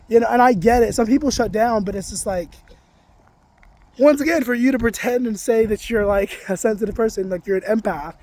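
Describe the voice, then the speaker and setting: A man with a notably high voice talks through a personal frustration in a casual vlog. He is emphatic and curses freely, then settles into reflective self-help reminders. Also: brisk, a little mellow, slight background noise. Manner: emphatic, ranting, swears freely. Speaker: vlogger. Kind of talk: casual confessional monologue.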